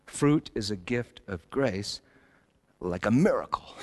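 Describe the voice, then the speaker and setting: A middle-aged male pastor preaching a sermon, swinging between loud emphatic lines and soft, low asides. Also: animated, slow.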